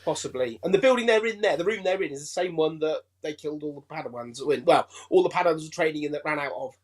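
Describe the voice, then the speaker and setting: A man with an English accent, a chatty and excitable guest on a fan show. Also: a little high, fast. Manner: chatty and excitable, laughs easily. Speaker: guest reviewer. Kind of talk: casual fan chat.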